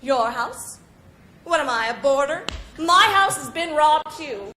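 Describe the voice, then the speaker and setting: A woman's voice: high-pitched, lively intonation, unhurried, sharp tone, slight background noise, pitched below the performer's own voice, heavily acted. A woman voicing a grumpy, sarcastic middle-aged husband in a staged comedy scene, needling his wife with dry questions. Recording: roomy echo.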